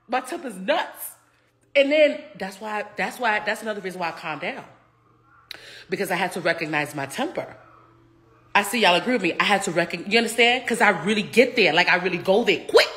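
A woman in her thirties who appears on reality TV chats casually during an interview at a restaurant table. Her voice sits in the mid range, and she's animated, swearing freely and laughing often.

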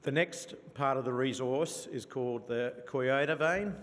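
A man's voice: mid-range voice, measured pace, fairly bright tone. New Zealand man presenting in a hall. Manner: enthusiastic, with frequent fillers and restarts. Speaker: company presenter. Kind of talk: investor conference presentation. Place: conference venue. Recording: reverberant conference hall.

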